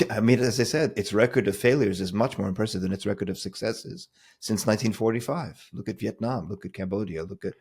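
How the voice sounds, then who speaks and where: A man's voice: fairly low pitch, fairly quick, gravelly, hardly any pauses, darkish tone, breathy edge. A man co-hosting a discussion podcast over a remote call, arguing his points emphatically. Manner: emphatic, argumentative. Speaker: podcast co-host. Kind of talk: casual discussion.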